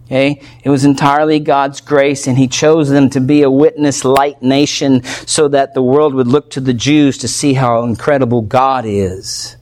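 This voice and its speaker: A man's voice: medium pitch, steady tone, moderate pace, hardly any pauses, a little mellow. A man preaching a verse-by-verse sermon, teaching in a conversational way and often checking in with his listeners. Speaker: pastor. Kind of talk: expository sermon.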